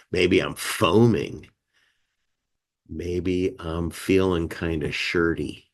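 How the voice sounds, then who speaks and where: A man's voice: sits low, drawn-out words. A man hosting a community meeting, teaching about feelings in a conversational way and acting out emotion words. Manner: animated, acts out emotion words with gasps and sighs; conversational, many "you know" and "right". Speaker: meeting host and life skills teacher.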